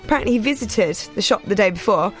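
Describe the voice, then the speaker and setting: A woman's voice: mid-range voice, animated, soft background music. A woman co-hosting a radio show, bantering and reading light news items with an exasperated, teasing edge. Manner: exasperated, teasing, quick to call out lies.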